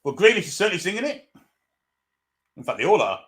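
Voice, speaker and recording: A man's voice: high-pitched, very animated, quick pace, fairly bright tone. A man hosting a live stream, chatting through a football match as it unfolds. He greets viewers one by one and reads out their comments in an easy, casual way.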